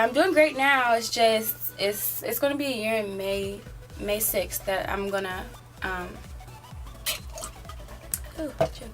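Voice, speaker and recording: An eighteen-year-old woman telling a story in a casual, rambling way, filling it with "like" and "um". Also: mid-range voice. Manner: rambling, filler-heavy, often says "like". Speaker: vlogger.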